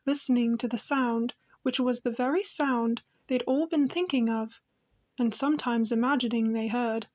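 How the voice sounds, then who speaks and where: A woman narrating a children's fantasy audiobook in a gentle, even manner. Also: high-pitched. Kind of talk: storybook narration.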